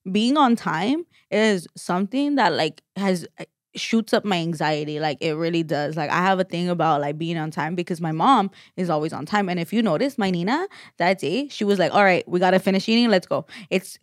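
A woman's voice: fairly low pitch, no echo. Young woman podcast cohost, rambly, says like a lot, curses casually, dry close sound. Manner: rambling, full of "like" and restarts, swears freely. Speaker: podcast co-host. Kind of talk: casual chat.

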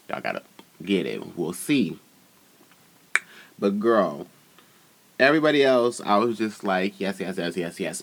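A man's voice: fairly low pitch, a bit bright. Sassy, profane man recapping a show. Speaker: podcast host. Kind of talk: casual reality-show recap.

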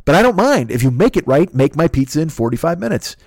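A man's voice: fairly high pitch, sing-song, quick pace, darkish tone, dry recording, clean studio sound. A middle-aged man, telling a profane, ranting story on a podcast and breaking into impressions of his friends. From Chicago area, USA. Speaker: podcast host. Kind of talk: casual storytelling.

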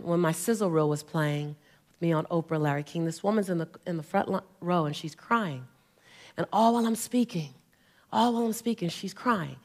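A woman's voice: medium pitch, fairly bright tone. A woman in her forties giving a keynote to a live audience, telling humorous stories and calling for responses from the crowd. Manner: fervent, rousing exhortation. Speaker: motivational speaker.

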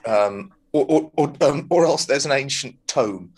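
Animated but unhurried, this man's mid-range voice has a darkish tone and a breathy edge. As a podcast co-host, he chats loosely about a TV episode, reviewing it casually while rambling, saying um a lot, restarting and swearing.

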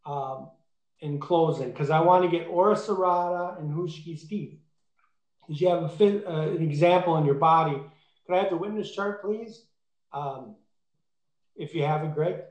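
A man's voice: a little high, normal speed, darkish tone. A man preaching a sermon in an emphatic way, rising to fervent peaks. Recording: echoey room.

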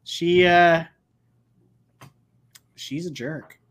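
A man hosting a casual podcast, talking in an unhurried, drawn-out way. He gets excitable and rambles, restarting his sentences as he goes along. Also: fairly high pitch. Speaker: podcast host. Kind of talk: casual pop-culture chat.

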